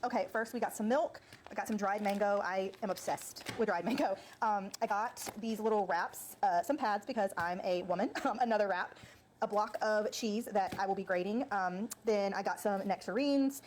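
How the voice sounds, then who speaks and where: Speaking at normal speed in a darkish, medium-pitched voice, a woman from North Carolina records a casual grocery vlog with slight hiss or hum. Teary-eyed and thankful, she chats emotionally, leaning heavily on fillers.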